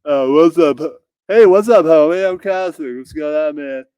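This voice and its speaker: A man's voice: a little high, normal speed, mellow, smooth, dry recording, pitched above the performer's own voice, natural voice. A man voicing a drunk, stoned, boastful male comic who talks in crude, profane slang. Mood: stoned boasting.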